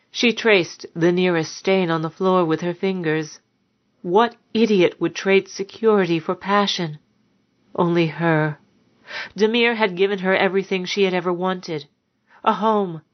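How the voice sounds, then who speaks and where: A woman narrating a dark story in a measured, somber way, on a dull lo-fi recording. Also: medium pitch. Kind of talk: audiobook narration.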